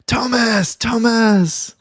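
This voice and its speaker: A man voicing an abrupt female school boss who yells for her staff. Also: fairly high pitch, sing-song, takes it slowly, vocal fry, no echo, studio quality, voice pushed up, heavily acted. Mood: yelling. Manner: yelling names down a hallway.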